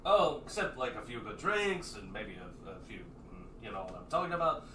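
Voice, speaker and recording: A man voicing a brash, carefree young drifter who loves to party, loud and excitable. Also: mid-range voice, moderate pace, echoey room, a little hiss or hum. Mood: cocky, easygoing. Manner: loud, excitable, talks over himself.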